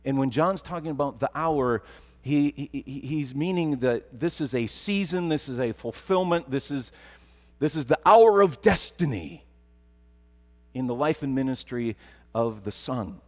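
A man's voice: mid-range voice, lively intonation, measured pace. Preaching man in a reverberant hall. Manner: storytelling, building to emphatic repetition. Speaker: pastor. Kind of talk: sermon.

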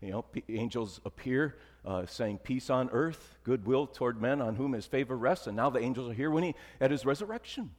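A male pastor delivers a conversational sermon at a middle pitch, often easing into soft, emphatic lows. His voice carries a long reverb that trails through the church. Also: animated, a little fast, hardly any pauses.

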